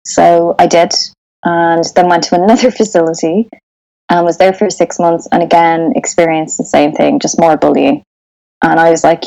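A woman's voice: lowish voice, level tone, moderate pace, gravelly, dark tone, rough recording. A woman in her thirties with an Irish accent, a sound engineer chatting casually as an interview guest. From Ireland. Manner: chatty, with frequent restarts and laughter.

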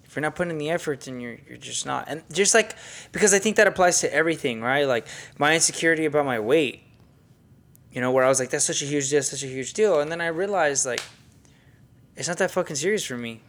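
A man's voice: fairly high pitch, lively intonation, fast talker, gravelly, a bit bright. A young man co-hosting a podcast in casual chat, laid-back and slangy, swearing freely. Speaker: podcast co-host.

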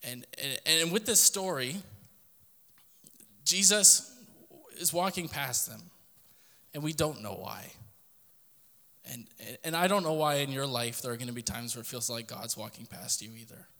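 A man's voice: mid-range voice, a little slow, pauses often, sharp tone, long reverb tail. Earnest man giving a devotional talk. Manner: earnest, direct address to listener. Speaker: podcast host.

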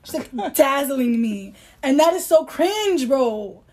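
A woman's voice: high voice, very animated, measured pace, warm tone. A woman co-hosting a casual podcast chat, joking sarcastically and reading passages aloud with frequent laughter. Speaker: podcast co-host.

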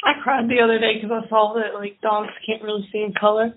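A woman's voice: fairly high pitch, level tone, quick pace. A young woman chatting casually with her friends and laughing often. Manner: giggly, chatty. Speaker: podcast co-host. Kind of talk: casual chat. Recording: tinny phone-like audio with faint hiss.

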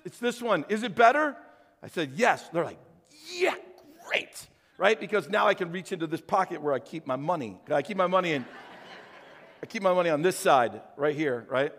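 Older pastor with high, animated voice. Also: male voice, normal speed. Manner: animated storytelling, acts out voices. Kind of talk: sermon. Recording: long church hall reverb.

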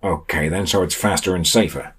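A man's voice: low-pitched, steady tone, fairly quick, fairly bright tone, husky, exaggerated voice. A man voicing a level-headed, puzzled young man who asks dry, questioning remarks.

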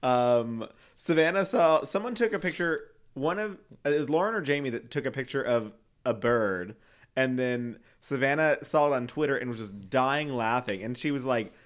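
A young man co-hosting a podcast in casual chat, telling childhood stories with frequent laughter and high-pitched acted-out quotes. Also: moderate pace. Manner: animated storyteller, laughs often, acts out quotes in high voices. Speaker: podcast co-host.

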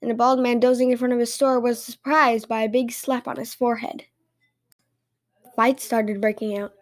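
A woman with a notably high voice reads fairy tales aloud as a podcast host. Her storytelling is lively and expressive. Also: a little fast.

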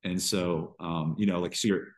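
A man with a very deep, low voice shares his personal struggles as a podcast guest. He talks in halting bursts, restarting sentences and circling back as he works through what he feels. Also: steady tone. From Georgia. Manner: halting, restarts often, emotional storytelling. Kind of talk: candid interview conversation.

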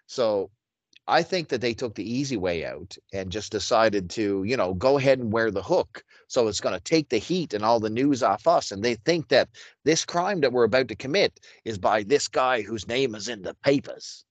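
A man's voice: mid-range voice, lively intonation, normal speed, no room sound. A man co-hosting a casual comic book podcast, easygoing and chuckling, often stammering as he starts his points. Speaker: podcast co-host.

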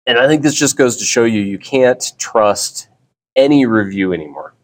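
A man's voice: medium pitch, normal speed. A middle-aged man hosting a casual solo podcast, talking in a rambling, easygoing way with frequent restarts. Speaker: podcast host.

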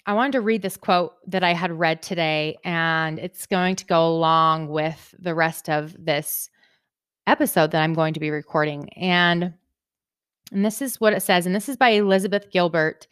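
A young woman talks through her own podcast in an easy, chatty way, often checking in with a quick "right?". Her voice is smooth and clean, and the recording is close and dry with no room sound. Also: lowish voice, fairly even intonation, a bit bright, no room sound. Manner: chatty, upbeat, frequent "right?" tags. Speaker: podcast host. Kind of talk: casual podcast monologue.

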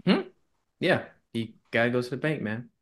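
A man's voice: mid-range voice, normal speed. Casual man retelling a story. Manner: animated retelling, quoting people in put-on tones. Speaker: podcast co-host.

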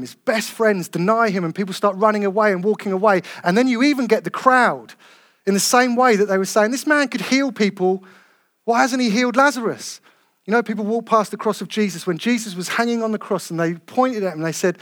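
A man preaches to his church with a fairly high voice. He swings between loud, ringing calls and soft, tender passages. The sound is close and dry, with little room echo. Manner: passionate, builds to loud calls then drops soft. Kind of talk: sermon.

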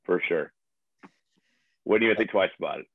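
A man's voice: low voice, normal speed, crowd noise. A man telling stories in a casual chat. He talks in a laid-back way, swears freely and laughs often, and he plays music and tends bar. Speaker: musician and bartender. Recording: tinny phone-like, dry sound.

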